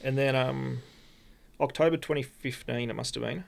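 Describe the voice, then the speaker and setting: An Australian man, a podcast guest, telling a personal story in a halting, rambling way with many restarts. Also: mid-range voice, creaky. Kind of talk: casual storytelling.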